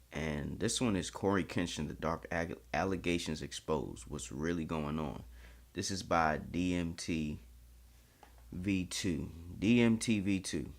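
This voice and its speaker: A man with a deep, low voice hosting a reaction video. He talks in a candid, chatty way and swears freely. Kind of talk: casual reaction commentary.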